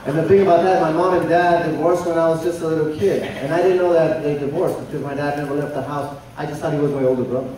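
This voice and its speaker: A man doing stand-up in front of a live audience, teasing and chatting with the crowd in a loud, playful way. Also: on the high side, fairly even intonation, quick pace, few pauses, far from the mic. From El Paso, Texas. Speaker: stand-up comedian. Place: comedy show stage with a live audience. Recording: echoey live venue, mic from afar. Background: audience laughter and chatter.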